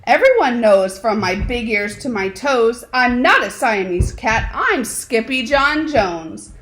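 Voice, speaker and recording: A woman puts on a cocky little kitten who insists he is a chihuahua, bragging in a sing-song way with playful mock Spanish flourishes. The voice sits high and swoops a lot, and the lines are drawn out slowly for storytime. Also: animated, a bit bright, poor audio. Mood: boastful. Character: excitable boy kitten who thinks he is a chihuahua.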